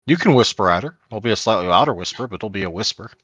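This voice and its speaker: A man with a low voice narrates a tabletop game as game master. He goes at an unhurried pace and stops often to search for words. His voice sounds dry and close. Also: expressive, a bit bright, breathy edge, no echo.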